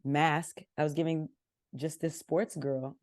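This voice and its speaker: A young woman from Southern California tells candid stories as a podcast guest, slipping into her family's voices. Her voice sits a little low, and it is recorded close and dry. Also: slow, no echo. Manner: candid, animated, acts out family members' lines. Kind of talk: casual interview storytelling.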